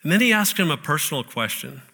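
Bright-voiced male pastor preaching. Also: fairly high pitch, big pitch swings, fast, gravelly, husky. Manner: storytelling, conversational preaching with rhetorical questions. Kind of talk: sermon.

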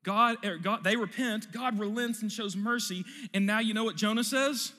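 A male pastor preaches with animated, emphatic storytelling in a high, very bright voice. His words carry a long reverb from a church hall. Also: moderate pace. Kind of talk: sermon.

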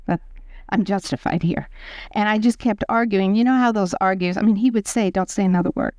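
Older woman, Bible study teacher, earnest storytelling, smooth voice, dry sound. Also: on the high side, dry recording. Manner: earnest, personal storytelling with soft chuckles.

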